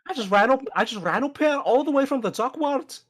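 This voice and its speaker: A player doing a young messenger lad with a rough put-on scottish accent, breathless and swearing, blurting his words in a rush while the voice swoops up and down. the pitch sits a little above the player's own talk, and the delivery is loud and pushy. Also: expressive, normal speed. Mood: pleading. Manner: urgent, coarse, gabbling.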